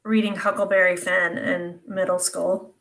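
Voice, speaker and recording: A woman from South Carolina, chatting casually as a podcast co-host about books and tossing in quick joking asides. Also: fairly low pitch, flat delivery, a bit bright. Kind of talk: casual book discussion chat.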